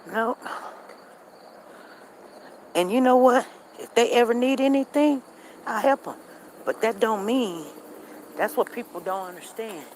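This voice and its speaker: A woman's voice: slight background noise, rough recording. Chatty woman livestreaming outdoors. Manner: chatty, talks straight to her viewers and greets them by name; drops to a low, quiet tone when getting serious. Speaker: livestream host. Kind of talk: casual rambling live chat. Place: outdoors, walking.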